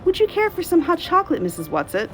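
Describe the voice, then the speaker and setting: A woman voicing a calm, practical mother in a storybook read-aloud, speaking lightly and briskly. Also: very high voice, soft background music, pitched above the performer's own voice, full character voice.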